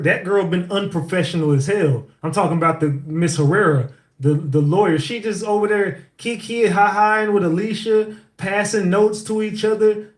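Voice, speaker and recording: A man co-hosting a casual talk, ranting bluntly and profanely as he scolds. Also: sits high. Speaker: co-host. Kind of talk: casual commentary. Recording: echoey room.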